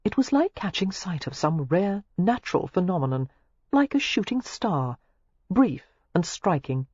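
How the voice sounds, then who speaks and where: An audiobook narrator reads a novel with lively, rising and falling pitch. The voice has a husky edge. The recording is dull and lo-fi, with a close, dry sound. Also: measured pace, dry recording. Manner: expressive, shifting pitch through the narration.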